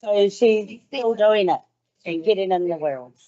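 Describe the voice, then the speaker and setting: A woman's voice: mid-range voice, unhurried, dark tone. A woman with a New Zealand accent giving an enthusiastic, chatty report at a council meeting. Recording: dull lo-fi meeting recording.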